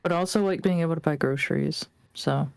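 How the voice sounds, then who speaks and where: A tabletop player chatting casually before the game starts, with a matter-of-fact, deadpan way of joking. The voice sits in the middle of the pitch range and sounds close and dry, with almost no room echo. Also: quick pace, creaky, clear, resonant tone. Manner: snacking while talking. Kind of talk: casual pre-show chat.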